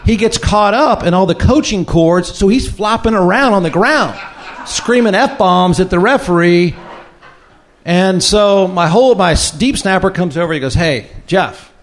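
A man's voice: high-pitched, moderate pace. A man who hosts the show, telling an old football story to a live audience and acting out the voices in it. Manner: lively, acts out quoted voices. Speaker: host, former football kicker.

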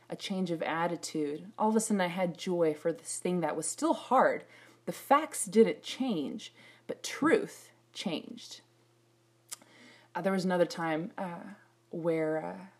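A middle-aged woman preaching a sermon, telling personal stories in an animated way and acting out her own prayers. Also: sits low.

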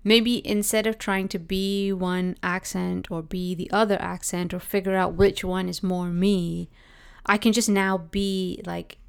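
A woman's voice: on the low side, flat delivery, unhurried, vocal fry, clear, resonant tone. Reflective woman with a Canadian accent. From Britain, raised in Canada. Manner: conversational, thoughtful, frequent 'like' fillers. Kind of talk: reflective personal monologue.

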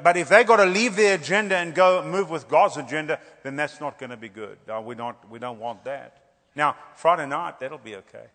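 A male preacher with a high, bright voice delivers an animated revival sermon, joking and hammering phrases through repetition. His words ring out with a long reverb in a church hall.

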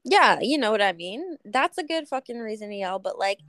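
A woman's voice: a little high, animated, a little fast, fairly bright tone, dry recording. A woman co-hosting a podcast, reacting eagerly as her friend tells a story in casual chat. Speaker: podcast co-host.

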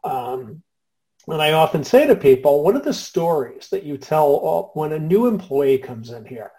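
A man hosting a conversation, telling a workplace story in a lively, conversational way. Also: a little high, moderate pace, poor audio. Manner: lively storyteller, shifts loudness often. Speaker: podcast host and business consultant.

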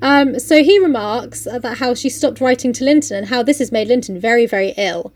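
A woman's voice: a little high, fairly quick, darkish tone, no echo. A young woman who casually recaps a book, chatty and sweary, with lots of fillers. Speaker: podcast co-host.

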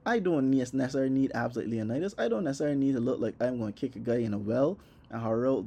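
A young man tells a comic story with plenty of profanity, acting out his own reactions as he goes. His voice is mellow and warm, and he stays animated throughout. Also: medium pitch, racing, gravelly. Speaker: vlogger. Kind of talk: comedic personal storytelling.

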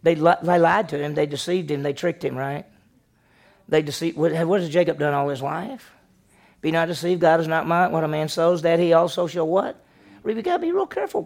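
A man pastor preaching a sermon, questioning the congregation and acting out the story with lively voices. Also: fairly high pitch.

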